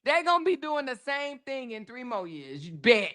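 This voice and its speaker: A woman hosts a casual livestream, with a voice that sits a little high for a woman. She reads out viewer comments, laughs often, and talks loud and profane, calling her viewers baby. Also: very animated, normal speed. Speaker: livestream host.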